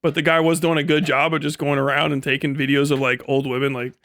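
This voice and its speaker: A man in a relaxed livestream chat, cursing freely and breaking into laughs. His voice sits a little high for a man. The sound is dry and close, with little room around it. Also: fast talker, dry recording. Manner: laid-back, swears a lot, laughs often. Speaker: streamer.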